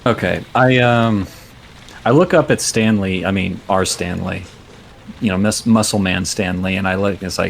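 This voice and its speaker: A man's voice: low voice, moderate pace, gravelly, a little hiss or hum. A man playing a character in a tabletop game, earnest and a little hesitant. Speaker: player.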